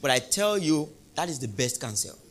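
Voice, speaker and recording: Male pastor preaching, higher voice, keeps asking the crowd "what?", climbs to loud peaks. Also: big pitch swings. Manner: call-and-response preaching, rising to loud emphatic peaks; repeats questions to the congregation, drawn-out emphasis. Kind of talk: sermon.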